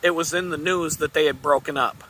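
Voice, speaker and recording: A man's voice: fairly high pitch, fairly even intonation, a little fast, fairly bright tone, slight background noise. A man vlogging, telling a rambling story in a casual, chatty way and chuckling at it.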